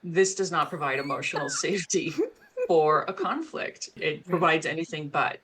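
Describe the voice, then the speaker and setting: A woman's voice: deep voice, lively intonation, normal speed, a crowd in the background. A middle-aged woman, a guest with an HR background, explaining parenting ideas earnestly and laughing between points. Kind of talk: explanatory interview talk.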